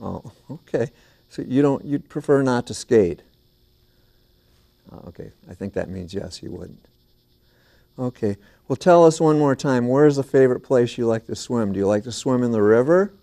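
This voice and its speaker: A man hosting a children's TV show in a small studio, singing and chatting playfully and gently with young viewers and a puppet duck. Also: mid-range voice, expressive, moderate pace, gravelly. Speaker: children's TV host.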